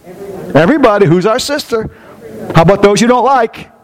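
A man's voice: high voice, fairly quick. An older man preaching a sermon, asking his congregation call-and-response questions and joking with them. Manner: joking, animated delivery. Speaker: pastor.

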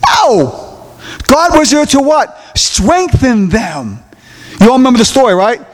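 A male preacher with a very high voice leads a call-and-response sermon. He acts out the voices in his story and climbs to shouts. His voice rings through a church hall with a long echo. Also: big pitch swings, measured pace.

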